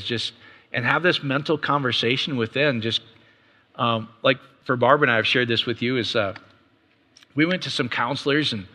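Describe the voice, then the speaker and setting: A middle-aged man preaches in a loose, conversational way, tossing out rhetorical questions as he goes. His voice is bright and forceful, sitting at an ordinary pitch for a man. It carries with a long reverb through a church hall. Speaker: pastor. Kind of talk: sermon.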